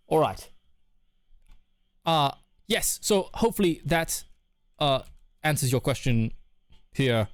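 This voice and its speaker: A man's voice: a little high, expressive, slow pace, pauses often, clear, resonant tone, no echo. A man streaming live, chatting casually and candidly with his viewers while reading their messages, laughing often. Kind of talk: casual chat.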